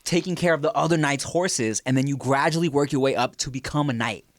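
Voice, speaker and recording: A man's voice: medium pitch, fairly quick, dry recording. A laid-back man co-hosting a podcast, telling loose, rambling stories and reading ads. His voice is close and dry, with no room sound. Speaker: podcast co-host. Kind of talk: casual podcast chat and ad reads.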